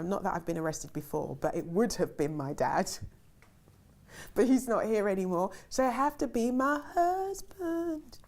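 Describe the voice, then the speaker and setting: A woman's voice: medium pitch, darkish tone. A middle-aged woman, a film director, reads interview questions aloud and answers them in a chatty, rambling way with lots of ums and easy laughter. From Ghana.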